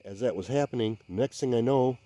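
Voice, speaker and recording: A man investigating the woods by a swamp at night, speaking in a hushed, halting, searching way and sometimes calling out loudly. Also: mid-range voice, dry recording. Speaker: field investigator. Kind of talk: night field investigation commentary.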